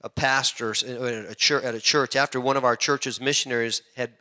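A man from the United States preaching a sermon, telling animated stories with frequent restarts. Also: medium pitch, fairly quick. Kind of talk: sermon with storytelling.

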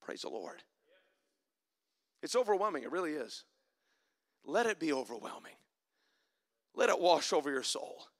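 A man preaching a sermon in church, climbing to loud emphatic passages and dropping to soft, reflective asides. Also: on the high side, big pitch swings, normal speed, long pauses. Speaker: pastor.

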